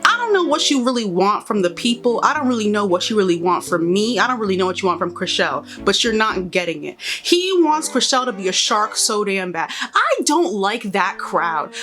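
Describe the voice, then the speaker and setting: A woman's voice: medium pitch, sing-song, normal speed, hardly any pauses, a bit bright, faint music behind. A young woman chatting casually while doing her makeup, giving rambling, opinionated commentary with exasperated asides. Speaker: beauty and pop culture vlogger.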